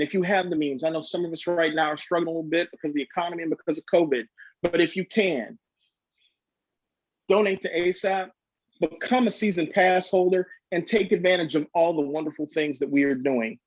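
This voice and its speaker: A man's voice: on the high side, fairly quick, no room sound. Upbeat male host on dry lo-fi audio. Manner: upbeat, addresses the audience directly. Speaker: show host. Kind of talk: live show hosting. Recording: dry, dull lo-fi stream audio.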